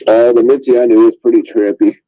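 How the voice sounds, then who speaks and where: A man's voice: mid-range voice, level tone, fast, no room sound, dull audio. A man joking crudely with a friend over a voice call. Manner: teasing, crude jokes. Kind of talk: casual chat on voice call.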